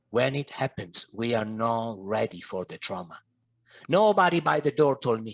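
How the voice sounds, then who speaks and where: A man's voice: medium pitch, animated, normal speed. A middle-aged man, a podcast guest and coach, telling a personal story in an earnest, vivid way. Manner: earnest, vivid, slips in Italian and French phrases.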